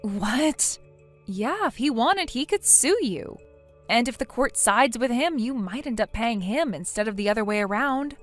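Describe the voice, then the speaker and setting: A woman's voice: fairly high pitch, animated, measured pace. Brief: woman voicing stern young female friend, blunt and lecturing, text-story read, light music underneath.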